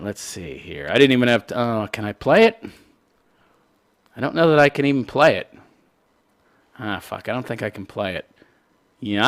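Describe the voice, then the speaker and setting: A man's voice: mid-range voice, a bit bright. A man hosting a live online show, ranting in casual, sarcastic and profane commentary.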